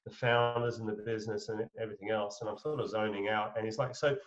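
A man's voice: on the low side, level tone, quick pace. A man telling a long anecdote as an interview guest, rambling with many fillers and restarts and swearing casually. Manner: chuckles while telling a story. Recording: slightly muffled audio.

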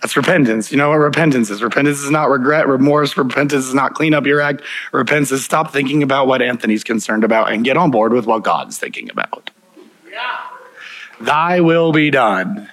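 A man's voice: medium pitch, animated, quick pace, fairly bright tone, low-quality recording. A man preaching a sermon, telling personal stories in an earnest way, chuckling often and restarting his sentences. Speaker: pastor.

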